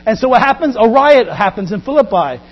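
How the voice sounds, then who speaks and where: High-voiced animated male preacher. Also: fairly quick, breathy edge. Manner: animated preaching, acting out Bible scenes in quoted voices. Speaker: pastor. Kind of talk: sermon. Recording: dull lo-fi recording with faint mains hum.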